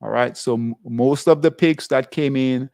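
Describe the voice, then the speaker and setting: A man hosting a live trading class, stepping through currency pair charts in a halting way and filling the gaps with "all right". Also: medium pitch, creaky, darkish tone, no room sound, studio quality. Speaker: trading show host.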